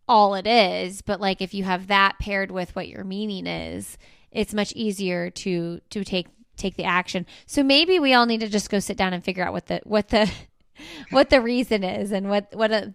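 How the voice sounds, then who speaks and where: A woman in her thirties hosting a podcast, chatting casually with plenty of fillers and getting animated when she vents. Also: mid-range voice, clear, resonant tone, no echo, studio quality. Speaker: podcast host. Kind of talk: casual chat.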